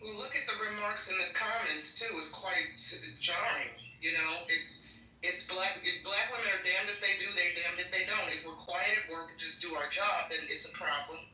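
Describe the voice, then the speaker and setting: A woman's voice: on the low side, moderate pace, bright, forceful tone, slight background noise. A woman in a casual chat giving emphatic, indignant commentary. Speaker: guest. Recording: roomy and distant.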